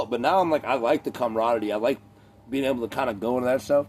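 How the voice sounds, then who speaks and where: A man talks straight to camera in a loose, rambling rant, swearing freely and wandering off topic. He is a few beers in. His voice sits at an ordinary middle pitch, with faint background noise. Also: fairly even intonation, very fast. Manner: profane, rambling, digressive. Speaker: vlogger.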